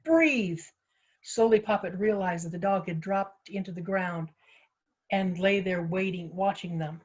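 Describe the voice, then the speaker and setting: A woman author reading her own story aloud with expressive, lively storytelling. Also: lowish voice, normal speed. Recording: slightly muffled lo-fi audio.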